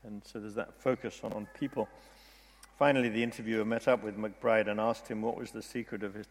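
A man's voice: on the low side, steady tone, fairly quick, big-room sound. A man telling a long story to listeners, often restarting and repeating words as he goes. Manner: rambling storyteller with frequent restarts. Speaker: speaker retelling a story from a book. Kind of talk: storytelling talk.

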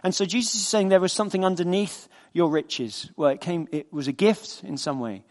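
There's a long reverb tail behind this man's sermon, his voice high, a little fast and a little mellow. He preaches in a conversational way, putting questions to the congregation and playing the voices in his stories.

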